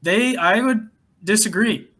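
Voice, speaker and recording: High-voiced young man chatting casually. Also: a little slow, sharp tone. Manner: chatty, laughs while telling a work story. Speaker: podcast co-host. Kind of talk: casual chat.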